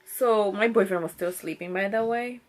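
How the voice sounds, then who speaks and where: A young mother in her twenties talks straight to her viewers in a loose, rambling vlog style. Her voice sits at an ordinary middle pitch, and she keeps stopping to apologize and start over. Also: moderate pace. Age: 20s. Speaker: mom vlogger. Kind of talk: casual storytelling to camera.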